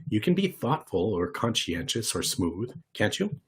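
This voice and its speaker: Husky man teaching a lively workshop. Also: on the low side, moderate pace. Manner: lively, conversational, demonstrates voice shifts. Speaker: workshop presenter. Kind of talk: online workshop lesson.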